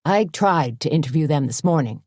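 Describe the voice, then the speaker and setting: A man's voice: on the high side, animated, a little fast, a little mellow, no room sound. Indignant, peevish small-town male reporter read by a woman, audiobook, dry close sound. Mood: peeved. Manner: huffy, sputtering and indignant. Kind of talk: audiobook character voice.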